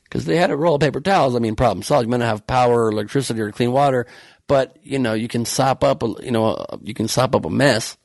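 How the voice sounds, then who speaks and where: A man's voice: on the low side, creaky, dry recording. A man hosting a podcast with a sarcastic, profane, heated comedic political rant. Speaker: podcast host.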